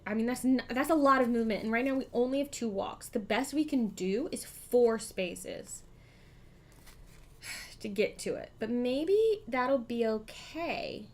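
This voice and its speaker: A woman hosting a live board game stream, chatting, thinking aloud about her moves and thanking her chat. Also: on the high side. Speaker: streamer host.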